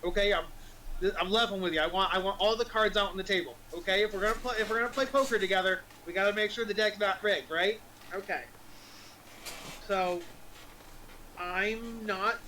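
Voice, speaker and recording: A man's voice: sits high, pushed and bright, a little hiss or hum, poor audio. A man voicing a blunt male impostor who drops his wizard disguise, talking in earnest and tripping over repeated words. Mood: leveling, earnest. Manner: earnest, hurried, repeats himself.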